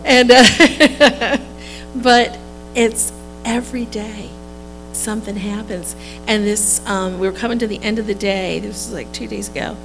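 A woman's voice: medium pitch, measured pace, rough recording. Chatty woman sharing a testimony. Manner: chatty, laughs between sentences. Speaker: church member sharing a testimony. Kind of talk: casual testimony storytelling. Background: music.

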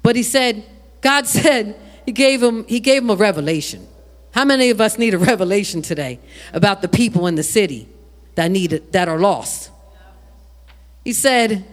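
A preacher in full sermon flow, with a lively voice that rises and falls. The delivery is animated, full of restarts and repeated words. Questions are thrown straight out to the congregation. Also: mid-range voice, moderate pace.

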